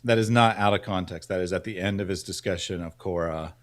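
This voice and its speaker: Measured man with a deep voice. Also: steady tone, no echo. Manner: measured, explanatory. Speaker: show co-host.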